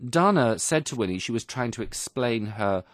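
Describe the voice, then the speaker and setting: A man's voice: mid-range voice, animated, moderate pace, dry recording, clean studio sound. A man presenting a radio English lesson, explaining phrases in a patient, teacherly way.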